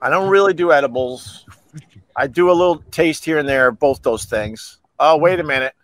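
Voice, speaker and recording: A man's voice: on the high side, moderate pace, no room sound. An older man hosting a casual livestream, joking and laughing with his co-hosts. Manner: animated, laughing, teasing. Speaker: livestream host.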